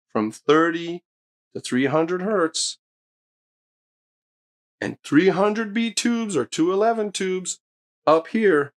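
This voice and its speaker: A man hosting his own hi-fi channel, giving an enthusiastic, emphatic speaker review straight to camera. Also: fairly high pitch. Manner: enthusiastic, emphatic, swears when excited. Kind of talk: excited gear review to camera.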